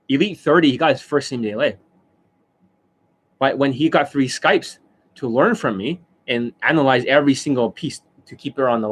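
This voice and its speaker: Boastful, profane middle-aged man ranting. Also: medium pitch. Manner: boastful, profane, keeps bursting into laughter. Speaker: dating coach. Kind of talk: live-stream rant.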